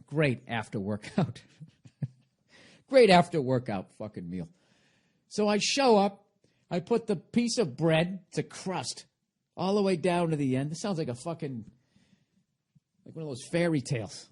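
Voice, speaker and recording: A man's voice: medium pitch, warm tone, slightly rough. A man hosting a podcast, talking in a rambling, profane, sarcastic comedic monologue. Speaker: podcast host.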